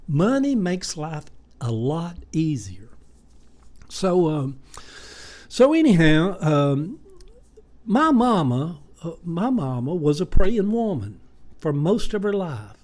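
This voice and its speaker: A man's voice: a little high, big pitch swings, slow pace, pauses often, darkish tone. A man, telling stories in a rambling, folksy way with many fillers. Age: 70s. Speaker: vlogger. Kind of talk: casual monologue.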